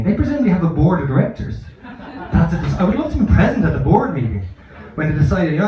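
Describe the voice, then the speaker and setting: Profane, self-mocking comedian in an echoey club. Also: male voice, on the high side, sing-song, quick pace, dark tone. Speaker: stand-up comedian. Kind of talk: stand-up comedy set. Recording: echoey, dull live club recording.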